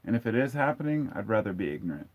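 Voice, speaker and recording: Man, forties, live-stream host; lowish voice, blunt and casual, dull lo-fi audio. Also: big pitch swings, quick pace. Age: 40s. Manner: candid, blunt, reads viewer comments aloud. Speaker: livestream host. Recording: dull lo-fi sound.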